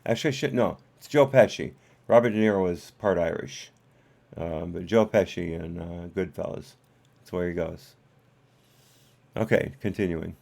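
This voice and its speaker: A low-voiced man hosts a live stream and talks through his commentary in a loose, rambling way. He hesitates often and fills the gaps with ums and uhs. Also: moderate pace, vocal fry, pauses often, darkish tone, slight background noise. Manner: rambling, hesitant, with many fillers. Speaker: host.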